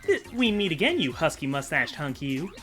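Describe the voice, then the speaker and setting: A man voicing a flirtatious, sly female mouse thief in a sultry falsetto while playing a video game. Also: very animated, moderate pace, pushed and bright, faint music behind. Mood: flirty, boastful.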